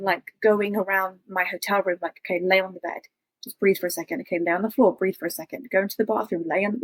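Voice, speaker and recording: Husky woman telling her story. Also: medium pitch, no room sound. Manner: intense, confessional, many "like" fillers. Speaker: interview guest. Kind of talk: candid personal storytelling.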